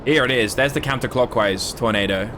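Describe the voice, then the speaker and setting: A man's voice: medium pitch, a little fast, fairly bright tone, slight background noise. A man from Southwest England with an English accent that has American influences. He gives casual, chatty live gameplay commentary and swears freely. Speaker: streamer.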